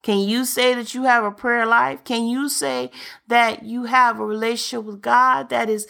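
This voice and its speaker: A woman delivers a sermon with earnest, direct urgency. Her voice sits a little high and has a gravelly fry running through it. She presses her listeners with pointed questions. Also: steady tone, normal speed, pushed and bright. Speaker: preacher.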